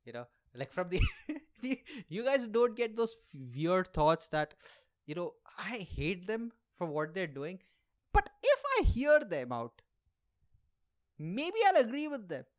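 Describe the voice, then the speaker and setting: A man's voice: high-pitched, big pitch swings, a little slow. A young man hosting a podcast, doing a rambling, sarcastic comic monologue and laughing at his own jokes. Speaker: podcast host and aspiring comedian.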